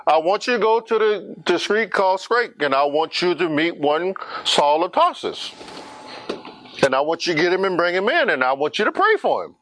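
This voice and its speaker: A man acting out a calm, commanding divine figure who gives firm, insistent orders. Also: high voice, moderate pace, a little hiss or hum. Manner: firm, insistent, matter-of-fact.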